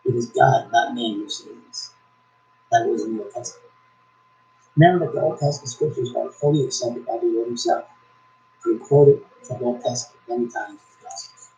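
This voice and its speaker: A man reading a founding text aloud slowly and haltingly, correcting himself as he goes, then giving preachy religious commentary. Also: mid-range voice, warm tone, echoey room, low-quality recording. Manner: preachy, exhorting. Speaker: YouTube commentator.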